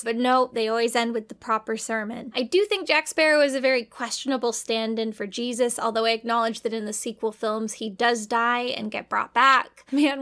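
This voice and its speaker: Woman host, dry sarcastic review narration, a bit high-pitched. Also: fairly bright tone. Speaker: video commentator. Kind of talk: scripted comedic commentary.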